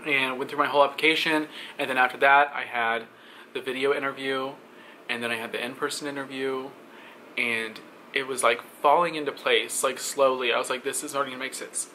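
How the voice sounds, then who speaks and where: A young man vlogging, telling a story in a casual, animated way and acting out the other people's lines. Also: medium pitch, a little hiss or hum. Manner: animated, acts out quoted voices.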